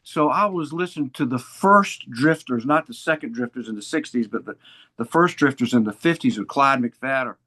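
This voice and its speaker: A man's voice: medium pitch, animated, normal speed, pushed and bright. A man in his seventies from Virginia, telling stories as a guest in an interview, full of old hipster slang. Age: 70s. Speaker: guest musician. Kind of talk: casual storytelling interview.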